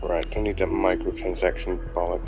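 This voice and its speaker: A man's voice: deep voice, flat delivery, moderate pace, poor audio. Rambling young man playing a game. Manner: rambling, chatty, swears casually. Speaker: gamer. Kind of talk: casual let's-play commentary. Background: game music.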